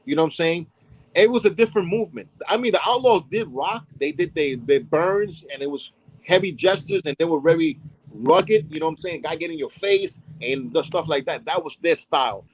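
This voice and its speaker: A hip hop dance pioneer from Brooklyn with a New York accent tells old stories in an interview, acting out voices and often asking "you know what I'm saying?" His voice is a little high, animated, and fairly quick, recorded with no echo but poor audio quality.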